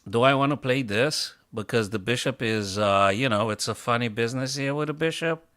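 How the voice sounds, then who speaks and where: A man's voice: mid-range voice, brisk, a bit bright. A chess coach streaming live, a man thinking aloud over his moves, self-mocking and bursting into exclamations.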